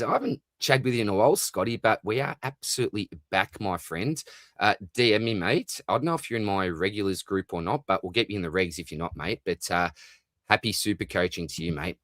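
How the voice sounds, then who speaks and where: A man's voice: sits low, a bit bright, no echo. An Australian man in his thirties hosting a casual live-stream chat from his home, greeting viewers by name with lots of matey slang. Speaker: fantasy football channel host. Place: home room with collectibles behind him.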